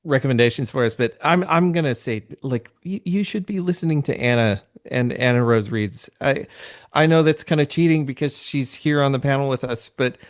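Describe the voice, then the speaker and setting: A man's voice: medium pitch, moderate pace. A man speaking as a horror podcaster on a panel, earnest and gushing, with stammers, over a video call. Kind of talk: casual panel chat.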